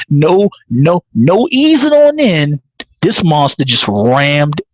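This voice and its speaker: A slightly high-voiced man hosts a live podcast, telling the story of a TV episode in a casual, profane style. He's animated, laughs often, and repeats words as he builds toward each point, heard on a rough recording with no echo.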